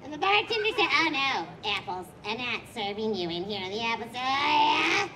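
A woman playing a bubbly, giggly young starlet who shouts her punchlines. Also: a little high, big pitch swings, normal speed, very noisy. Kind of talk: live street comedy show.

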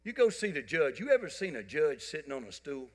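In the echo of a church hall, a male pastor preaches to his congregation at a fairly quick clip, his voice pitched fairly high. His sermon is built on folksy stories, delivered with animation and plenty of jokes, inside the church sanctuary.

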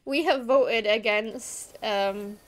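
A high-voiced woman from Liverpool chats away on her game stream, her Scouse accent soft but there. She rambles along with plenty of "like" and "um", loose and casual. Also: takes it slowly. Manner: rambling and chatty, lots of fillers.

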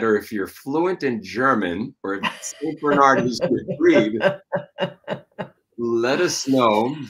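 A man hosting a live online chat show, talking earnestly and encouragingly with frequent pauses and fillers. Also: on the low side, fairly bright tone. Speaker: show host.

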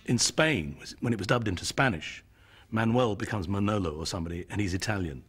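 A man's voice: fairly low pitch, lively intonation, a little fast, a bit bright, husky, soft background music. A man giving his opinions in an interview with amusement.

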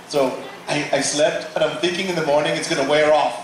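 Man, preacher, animated testimony, higher voice, echoey distant hall. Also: fairly quick, slight background noise. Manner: animated storytelling, acting out quotes. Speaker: guest speaker. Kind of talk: sermon testimony. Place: large church auditorium.

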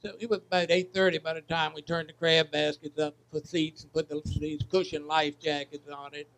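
Gravelly waterman. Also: a little high, flat delivery, fairly bright tone, low-quality recording. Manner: halting, rambling, many fillers. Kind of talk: storytelling to an audience.

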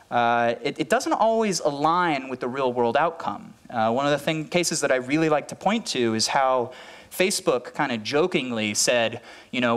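A man's voice: mid-range voice, a bit bright. A man giving a conference talk who speaks earnestly, often repeating words and restarting his sentences.

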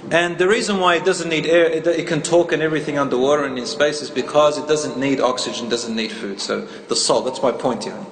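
Speaking a little fast and hardly pausing, a man with a high-leaning voice delivers an interactive Islamic lecture to a live audience in a lecture hall. He tells a story, puts questions to the crowd, and weaves in Arabic phrases, with the room's echo and faint ambient noise audible.

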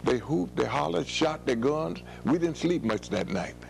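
A man's voice: fairly high pitch, lively intonation, unhurried, creaky, a little mellow, a little hiss or hum. An older man from the United States being interviewed, telling folksy stories and chuckling as he goes. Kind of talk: storytelling interview.

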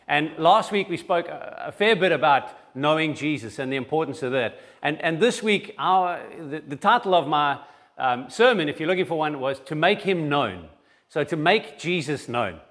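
A man's voice: a little high, animated, moderate pace, a bit bright. A man preaching a sermon in church and giving announcements, talking conversationally with frequent restarts. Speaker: pastor.

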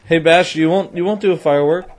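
A man's voice: fairly high pitch, fast talker. A young man gaming and joking with friends in casual, teasing banter, laughing often. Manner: jokey, teasing, laughs a lot. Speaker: gamer.

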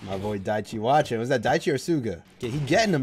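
A young man hosting an anime reaction, talking casually and excitedly to the screen, full of slang and quick laughs. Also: mid-range voice, soft background music.

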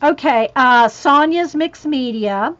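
A woman's voice: high voice, lively intonation, takes it slowly, fairly bright tone, lo-fi sound. A woman talking casually on a home craft livestream, rambling and chatty, her voice getting worn. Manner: chatty, rambling, breaks off to talk to her cat. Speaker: craft vlogger reading a list of channels. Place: home craft room with a ring light.

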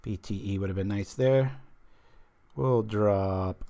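This man speaks slowly in a low, creaky, warm voice. He hosts a stream where he plays a card game and reads viewer comments aloud, rambling casually and chatting as he loses his train of thought.

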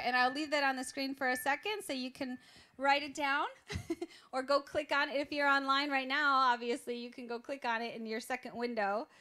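A woman's voice: sits high, bright, forceful tone, clean tone, no room sound. A woman hosting a live call-in show, chatting casually with callers and laughing often.

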